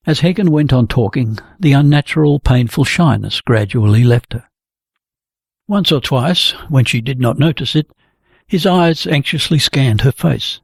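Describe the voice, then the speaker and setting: A male narrator reads a novel in a measured, steady way, his voice gravelly with a husky edge. The recording is close and dry, with no room echo. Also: medium pitch. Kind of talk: audiobook reading.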